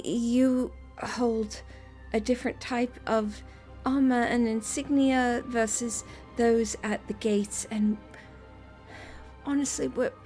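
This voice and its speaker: Woman player, high voice, slow and hesitant, over-explains in character, faint music. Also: a little mellow. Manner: apologetic, rambling, hesitant. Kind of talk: in-character role-play.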